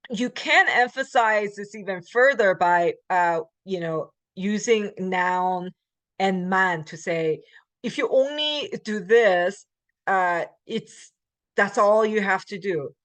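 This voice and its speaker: A woman's voice: mid-range voice, slow, a bit bright, no echo. Woman explaining Korean grammar, dry sound. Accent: American English. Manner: explains in English, reads Korean example sentences; frequent fillers and self-corrections. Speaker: Korean language instructor. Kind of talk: recorded grammar lecture.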